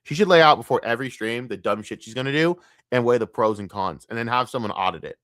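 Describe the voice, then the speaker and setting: A man's voice: medium pitch, quick pace, fairly bright tone, no room sound, clean studio sound. A male streamer delivering blunt, profane, repetitive ranting commentary while reacting to a video.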